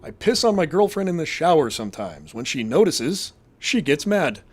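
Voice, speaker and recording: A man's voice: on the high side, big pitch swings, moderate pace, slightly rough. A man from Massachusetts hosting a casual live show, reading chat and rambling in a crude, profane, jokey way.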